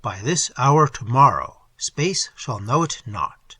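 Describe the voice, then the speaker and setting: A man reading an audiobook and voicing a mysterious foreign stranger who speaks in a solemn, prophetic, measured way. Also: mid-range voice, animated, bright, forceful tone, husky, dry recording, exaggerated voice. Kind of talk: audiobook character voice.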